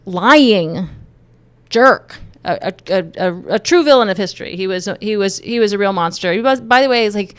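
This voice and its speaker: A woman's voice: medium pitch, lively intonation, normal speed, clean tone, no echo. A woman from Texas giving her opinions in a casual vlog, joking and rambling with many restarts. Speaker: YouTube commentator.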